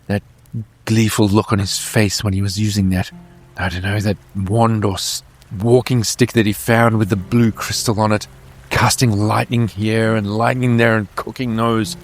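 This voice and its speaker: A man voicing a grim, bitter female survivor in a tabletop game, scornful and measured. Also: fairly low pitch, flat delivery, faint music behind. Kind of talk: playing a tabletop game character.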